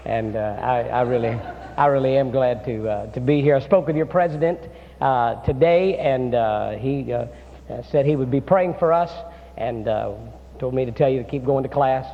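A man's voice: mid-range voice, normal speed. A man preaching a chapel sermon as a guest preacher, folksy and storytelling, with many filler "uh"s. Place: seminary chapel. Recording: dull sound in a reverberant hall.

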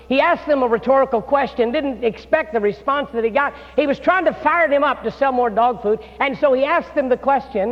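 A guest preacher at a seminary chapel gives a folksy, story-driven sermon loaded with filler "uh"s. His very high voice moves at a moderate pace with hardly any pauses, and the recording sounds dull in a reverberant hall.

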